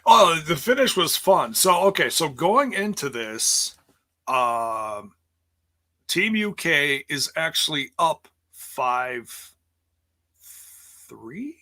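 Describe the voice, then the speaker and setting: A man's voice: on the high side, sing-song, very slow, sharp tone. A man co-hosting a podcast, chatting casually, amused and a little rambling. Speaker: podcast co-host. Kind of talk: casual review chat.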